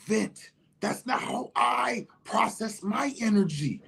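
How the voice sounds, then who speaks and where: A man delivering an impassioned spoken monologue, profane and emphatic, often rising into shouts. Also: sits high, animated, slow, creaky, husky. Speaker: monologue speaker.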